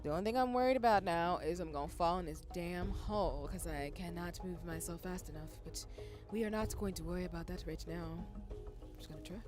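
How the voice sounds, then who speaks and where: A young woman with a Southern US accent, streaming a game live, chatty, swearing and breaking into loud outbursts. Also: lowish voice, fairly quick, music in the background. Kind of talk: live gaming stream chat.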